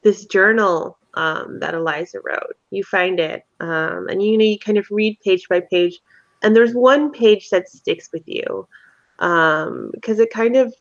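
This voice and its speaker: A woman's voice: medium pitch, unhurried. A woman guides a tabletop game as its game master, asking her players friendly questions and drawing out their characters. Her voice comes through a dull, lo-fi recording. The room adds no echo.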